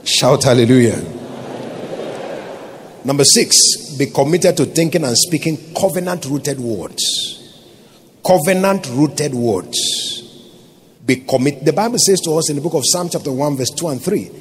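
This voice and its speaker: A man with a Nigerian accent preaches a sermon, his voice sitting high for a man. He drives his points home emphatically and keeps firing rhetorical questions at the congregation. A faint ambient noise runs behind him. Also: expressive, a little slow, pauses often. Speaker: pastor.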